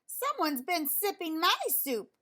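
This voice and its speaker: A woman's voice: very high-pitched, sing-song, slow, sharp tone, voice pushed up, heavily acted. A woman voicing a huffy, middle-sized mama bear who growls and huffs in a storybook read-aloud. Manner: huffing, growling.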